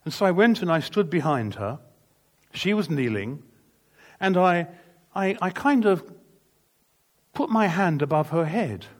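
A man's voice: a little high, expressive, measured pace, pauses often. Earnest man preaching a sermon. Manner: earnest, emphatic testimony with vivid retold dialogue. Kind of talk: sermon storytelling.

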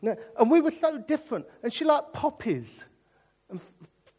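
A British man preaching with a high, bouncing voice that swoops up and down as he jokes. His sermon mixes comic storytelling with earnest appeals. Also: normal speed. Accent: British English. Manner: animated and jokey, drifting into earnest preaching.

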